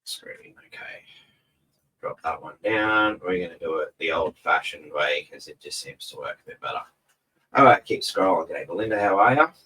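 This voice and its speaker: Low-voiced laid-back Australian man. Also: animated, normal speed, sharp tone, distant mic, rough recording. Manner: rambling, laid-back, swears casually. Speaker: host. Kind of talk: casual live-stream commentary. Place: home room in front of a TV. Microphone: camera mic set back from him.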